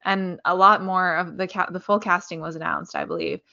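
A woman's voice: on the low side, steady tone, brisk, gravelly, bright, forceful tone, lo-fi sound. A woman co-hosting a casual podcast chat, chatty, often trailing off and restarting. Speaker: podcast co-host.

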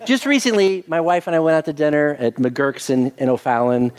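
An older man, pitched fairly high and speaking a little fast, preaches a sermon as pastor. He tells an animated story with acted-out quotes, then softly leads a prayer.

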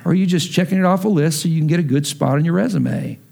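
Pastor, man, 30s, from texas, high voice, storytelling sermon that builds to emphatic preaching. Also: quick pace, creaky, a little mellow.

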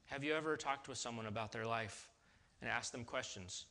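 A man's voice: mid-range voice, brisk, bright, forceful tone. A man preaching a sermon in a casual, conversational way, with restarts and sudden emphatic rises. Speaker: pastor.

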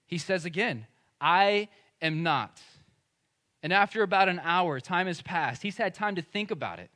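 A male pastor speaks in a fairly high voice. He preaches in a loose, conversational way and hits his points with emphasis. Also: lively intonation, a little fast, pushed and bright. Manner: conversational and emphatic, acting out quoted speech. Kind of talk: sermon.

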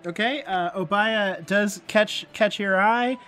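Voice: mid-range voice, slow pace, a bit bright, faint music behind. A game master narrating a tabletop game casually, laughing often and using filler words.

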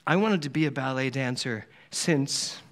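In a church service hall, a Philadelphia minister delivers his Sunday talk as a chatty, story-driven sermon, frequently breaking into laughter. He speaks at medium pitch and a moderate pace.

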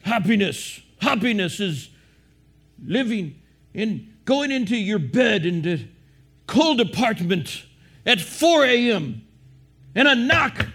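Man doing a slow, deadpan, higher-pitched gloomy Russian guy. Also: gravelly, heavily acted. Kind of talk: joke told in a sermon.

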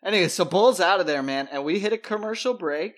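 A man with a somewhat high-pitched voice chats on a podcast. He retells TV scenes with energy, slipping into characters' lines as he goes. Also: fast talker. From New York. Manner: animated, acts out characters' lines. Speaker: podcast co-host. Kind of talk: casual chat recapping a TV show.

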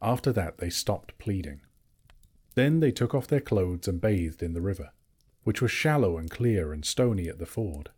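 A man reading a classic children's novel aloud in a measured, storytelling manner. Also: low voice, animated, a little mellow, slightly rough. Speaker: narrator. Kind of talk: audiobook reading.

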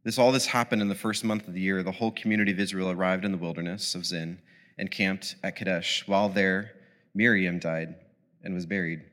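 A man's voice: low voice, steady tone, fairly quick, fairly bright tone. A man preaching a sermon in a casual, rambling way, with many fillers and restarts. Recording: long hall reverb.

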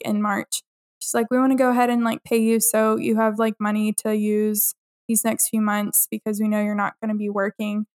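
A young woman in casual podcast chat, easygoing and full of fillers. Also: on the high side.

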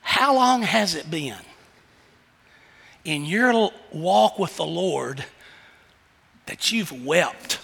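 A male preacher delivers a sermon in a high, bright voice. He swings between hushed questions and loud bursts of emphasis. The sound carries a long reverb from a church sanctuary. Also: lively intonation, extremely slow, vocal fry, pauses often, slightly rough.

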